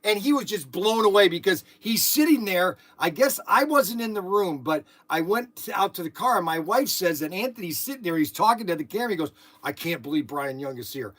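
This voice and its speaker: A man hosting his channel from a workshop, chatting and telling stories excitedly with lots of exclamations and restarts. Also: high voice, fairly quick, few pauses. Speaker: channel host. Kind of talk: casual chat in the shop, partly on the phone.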